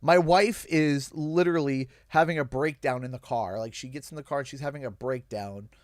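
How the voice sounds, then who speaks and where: Young canadian guy on stream, choked up and halting, dry close mic. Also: medium pitch, no room sound. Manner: halting, emotional, pausing often. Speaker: livestream host. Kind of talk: emotional storytelling on a game stream.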